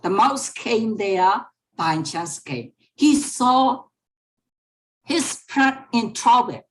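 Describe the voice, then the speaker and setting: A woman's voice: fairly high pitch, lively intonation, slow pace. A woman teacher reading a story aloud to an online class, repeating each sentence and explaining words. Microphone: online class microphone.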